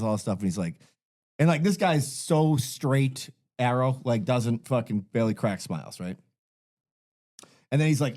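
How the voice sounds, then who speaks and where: A man tells a long story on a podcast, swearing freely and talking in loose, rambling asides. His voice sits at an ordinary middle pitch. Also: moderate pace. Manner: profane, animated storyteller. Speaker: podcast co-host. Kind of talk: casual storytelling chat.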